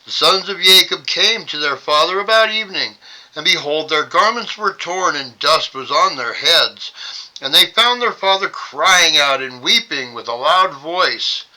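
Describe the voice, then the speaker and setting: A man's voice: a little high, lively intonation, unhurried, pushed and bright, poor audio. A man hosting a Bible study, reading scripture aloud and dropping wry, sarcastic side comments.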